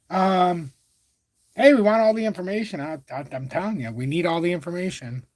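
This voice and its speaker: A man's voice: sits high, unhurried, pauses often, a little mellow, dry recording. A man hosting a casual crypto livestream, talking through charts in a rambling, profane, self-correcting way.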